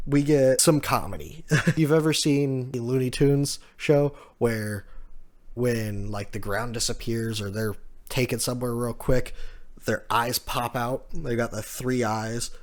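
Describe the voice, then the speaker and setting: A man's voice: mid-range voice, a little slow. A man giving a casual recap of a manga chapter, walking through the panels and laughing often. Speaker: manga reviewer.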